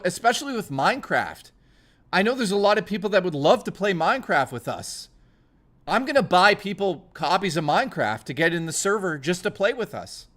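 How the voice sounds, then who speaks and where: Chatting casually on a live stream, a man with a fairly high, lively voice rambles, stammers and swears. Emotion pours out in his words, and he seems near tears.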